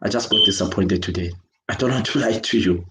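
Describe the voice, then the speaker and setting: A man with a Zimbabwean accent talks in a fired-up rant, angry and insistent, hammering the same points over and over. His voice sits fairly low, and the room around him gives off a noticeable echo. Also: fairly quick, fairly bright tone, slight background noise. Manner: angry, emphatic, repetitive, switching between English and Shona. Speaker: children's worker speaking out. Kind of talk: impassioned video rant.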